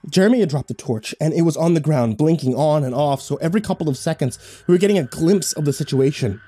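A man tells a first-person horror story in a dramatic, scripted style. His voice is mellow and dark yet sits a bit high, recorded close and dry on a studio microphone. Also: animated, quick pace, slightly rough, no echo.

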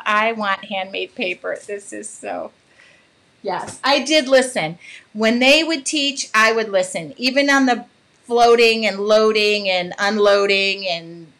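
A woman's voice: mid-range voice, fairly bright tone. A woman hosting a casual livestream about art, chatting with viewers and laughing often. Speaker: art channel host. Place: home art studio.

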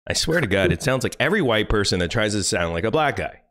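A man's voice: lowish voice, sing-song, fast talker, fairly bright tone. Angry, profane male streamer. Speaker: live streamer reacting to a video. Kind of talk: profane reaction rant.

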